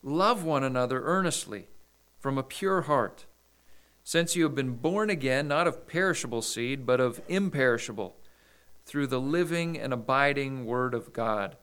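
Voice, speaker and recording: A man preaching a sermon, reading scripture aloud and explaining it in a measured way. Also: medium pitch, expressive, a bit bright, clear, resonant tone. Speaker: pastor.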